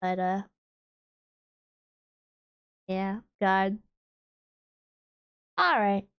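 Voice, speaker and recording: A woman streamer chatting casually on a livestream, gushing and bubbly, piling on fillers and restarts, and swooping up high when excited. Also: a little slow, pauses often. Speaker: VTuber streamer.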